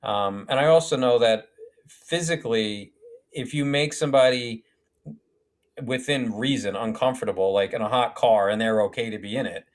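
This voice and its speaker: Animated man telling stories. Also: mid-range voice, moderate pace. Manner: animated, acts out quotes, swears casually. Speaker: guest filmmaker. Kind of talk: podcast storytelling.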